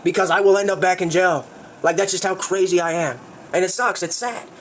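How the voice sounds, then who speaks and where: High-voiced guy rambling crude on a livestream, talks super fast. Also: a bit bright, slight background noise. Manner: rambling and crude, with many fillers. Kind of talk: casual storytelling on a livestream.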